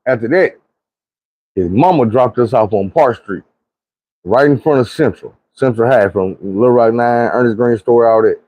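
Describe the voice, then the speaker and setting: A man telling a long, profane, slang-heavy story from his youth in a lively, animated way. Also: medium pitch, normal speed, no room sound, dull audio. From Arkansas. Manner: animated, slangy, acts out quoted friends.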